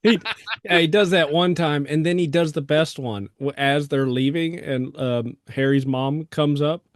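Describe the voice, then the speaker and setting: A man's voice: a little high, a little slow, no room sound, clean studio sound. A man co-hosting a casual movie review podcast, chatty and musing, laughing often. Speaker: podcast co-host.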